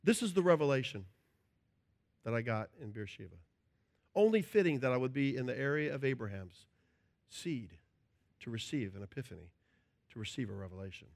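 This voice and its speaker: A middle-aged man preaching a sermon as a pastor, animated and playful, acting out little scenes with shouts and joking voices. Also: mid-range voice, a little fast, vocal fry.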